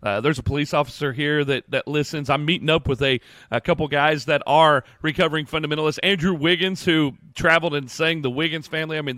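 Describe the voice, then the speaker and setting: A man's voice: fairly high pitch, fairly bright tone, dry recording. A man hosting a podcast, chatting casually and announcing upcoming meetups. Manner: friendly, chatty, announces events. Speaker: podcast host. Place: home studio.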